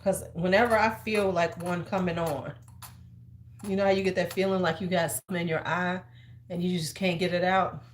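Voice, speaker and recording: A woman's voice: on the low side, steady tone, normal speed, a little hiss or hum. Chatty sassy woman in an echoey room. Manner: chatty, sassy, gives advice like a big sister. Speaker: host. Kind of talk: casual livestream chat. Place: large room at home. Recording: roomy echo.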